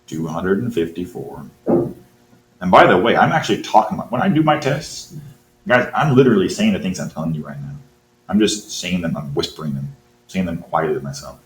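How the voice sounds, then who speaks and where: A man's voice: low-pitched, lively intonation, a little fast. A man teaching math, thinking aloud as he works through a quiz problem and encouraging his students. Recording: roomy with faint hum.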